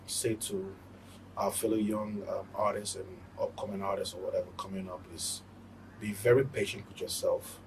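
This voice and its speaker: A young man being interviewed as a guest entertainer, relaxed and quick to laugh, earnest when he gives advice. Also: on the low side. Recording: distant mic, faint ambient noise.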